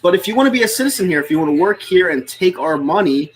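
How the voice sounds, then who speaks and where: Man, lecturing casual stream talk, keeps asking "all right?", voice a bit on the high side. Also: animated, fast, a little hiss or hum, poor audio. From United States. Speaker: stream host. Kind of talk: casual political chat on a live stream.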